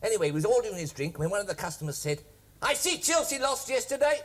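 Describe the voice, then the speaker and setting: A man's voice: sits high, sing-song, quick pace, fairly bright tone, full character voice. A man voicing a posh, cheeky male fox puppet in a 1970s children's TV comedy, plummy and bouncy, chuckling at his own jokes. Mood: joke-telling. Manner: chuckling, mischievous banter. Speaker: puppet sidekick.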